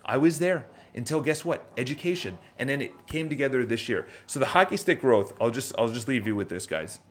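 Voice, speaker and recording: A man's voice: medium pitch, brisk. A man in his thirties with a New York accent, talking live to his audience in a casual, motivational way, repeating phrases and restarting sentences. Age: 30s. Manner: energetic, conversational, repeats phrases, restarts often. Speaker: host of a live morning show. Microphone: live stream from his office.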